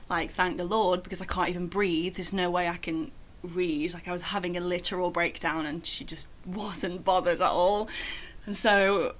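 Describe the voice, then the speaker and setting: A woman's voice: lowish voice, a bit bright. A young woman telling a personal story in a casual vlog, chatty and full of "like" fillers. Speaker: vlogger.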